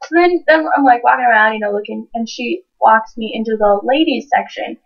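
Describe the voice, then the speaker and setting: A high-pitched teenage girl chats casually and tells a story, swearing freely and voicing the people in it. She sits some way from the microphone. The recording sounds dull and lo-fi. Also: brisk, gravelly. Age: teens. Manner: swears freely, animated retelling with voiced quotes. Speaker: co-host. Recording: distant, dull lo-fi home mic.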